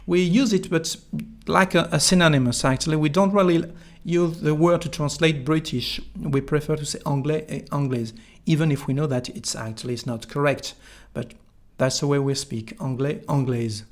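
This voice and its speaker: Speaking at normal speed in a fairly high voice with fairly even intonation, a French-accented man from France runs an online language lesson in English. He explains every word with care and says phrases aloud for learners to repeat.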